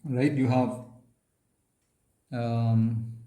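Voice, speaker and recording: Slow, halting male physics lecturer. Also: medium pitch, flat delivery, warm tone, echoey room. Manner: halting, many fillers, restates as he writes. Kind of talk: physics lecture while writing on a board.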